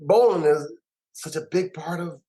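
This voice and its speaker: A man, a musician and producer, telling stories in an interview with an emphatic, animated way of talking and lots of repeated words. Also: fairly high pitch, moderate pace, low-quality recording. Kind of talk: storytelling interview.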